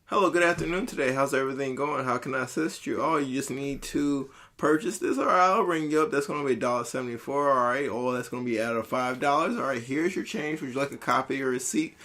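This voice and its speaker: A man's voice: mid-range voice, fast talker, hardly any pauses, a bit bright, natural voice. A man voicing an overly polite, preppy male front-desk clerk, talking in a chirpy customer-service manner.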